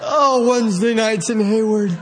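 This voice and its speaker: A man's voice: high-pitched, measured pace, a crowd in the background, noisy background. A man preaching a sermon, telling a story with mimicked voices and laughing so hard he is in tears. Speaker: pastor.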